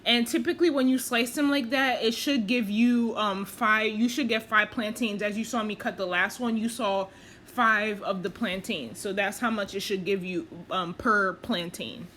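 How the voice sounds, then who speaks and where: A woman's voice: medium pitch, steady tone, normal speed, fairly bright tone, slight background noise. A woman talking casually over her cooking video, chatty and self-deprecating, with plenty of fillers as she explains each step. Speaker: cooking vlogger.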